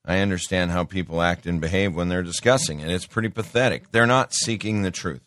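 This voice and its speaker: Plainspoken middle-aged male talk host, preachy and opinionated; low voice, dry booth sound. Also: a little fast, a bit bright, no echo. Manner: folksy, plainspoken, calls listeners folks; preachy, quotes scripture. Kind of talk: opinionated political commentary.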